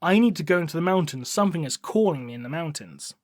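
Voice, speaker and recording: A man's voice: a little high, lively intonation, fast, close to an everyday voice. A man voicing a superhuman male warlord in an offhand way while retelling a story on a podcast. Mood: earnest.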